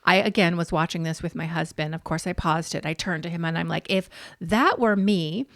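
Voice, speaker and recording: A woman's voice: low voice, fast talker, dry recording, clean studio sound. Blunt, swearing woman podcast co-host. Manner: blunt, swears freely, animated retelling. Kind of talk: casual reality TV recap chat.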